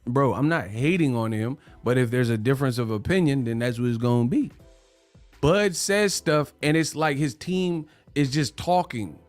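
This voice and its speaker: A man hosting a boxing livestream, talking in animated slang and laughing often. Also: mid-range voice, normal speed, dry recording, soft background music. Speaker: boxing channel host. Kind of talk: livestream commentary.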